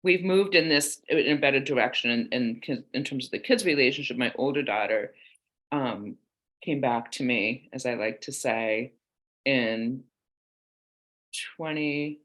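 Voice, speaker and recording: This guest author, a woman in her forties, has an extremely low, slightly bright voice and a measured pace. On a laid-back podcast she recounts honest family anecdotes, acting out the lines she quotes.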